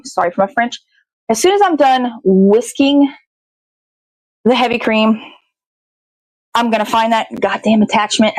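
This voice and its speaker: Recorded with poor audio and no room sound, a woman with a fairly high voice hosts a morning show from her home kitchen. She chats casually and rambles to herself while baking, swearing freely.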